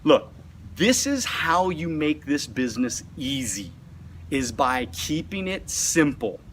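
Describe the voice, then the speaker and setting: Animated, lively man coaching salespeople. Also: on the high side, slow, a little hiss or hum. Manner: animated, repeats words when excited. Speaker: sales trainer. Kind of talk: motivational teaching.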